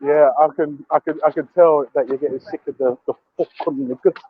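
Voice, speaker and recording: A man's voice: a little high, animated, fairly quick, breathy edge, no echo. A man hosting a live stream, teasing and sarcastic in casual chat. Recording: dull, dry, lo-fi online audio.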